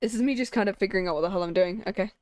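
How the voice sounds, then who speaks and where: A woman's voice: mid-range voice, very fast, background noise. A woman streamer joking and voicing characters as she plays through a game, over game music. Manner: joking, sardonic, lively. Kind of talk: voicing a game playthrough with commentary.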